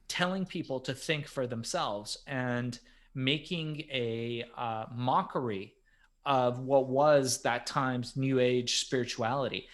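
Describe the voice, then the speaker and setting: A middle-aged man co-hosting a podcast, telling stories with a very lively, swooping pitch. His voice drops to a hush and then climbs to loud bursts, in easy casual chat. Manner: animated, swings from hushed to loud. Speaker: podcast co-host.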